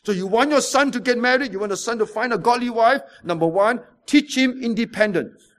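A man's voice: very high-pitched, a little fast. A man, preaching a sermon with stories, rhetorical questions and emphatic repetition. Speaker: pastor.

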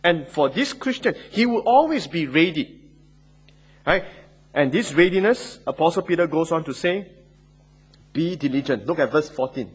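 A man's voice: on the high side, expressive, moderate pace, long pauses, breathy edge. A man preaching an expository sermon, stressing and repeating key phrases and often checking in with "Okay?".

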